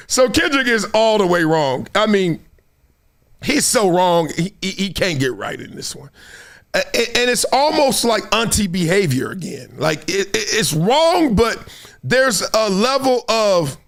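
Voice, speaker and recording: A middle-aged man hosting solo sports commentary, animated and fond of acting out quotes in other voices. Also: high voice, a little slow.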